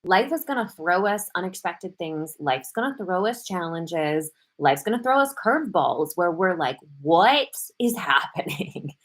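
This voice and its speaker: A middle-aged woman hosting a live morning show, talking casually and animatedly, quick bursts broken up with playful acted-out quotes. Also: lowish voice, animated. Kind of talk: casual live-stream talk.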